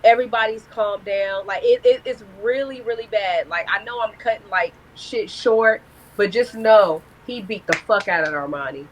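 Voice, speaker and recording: A woman tells a story on a casual live stream. She is candid and profane, and her voice rises and falls with feeling. Her pitch sits in the middle range. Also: normal speed, a little hiss or hum, poor audio. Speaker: guest.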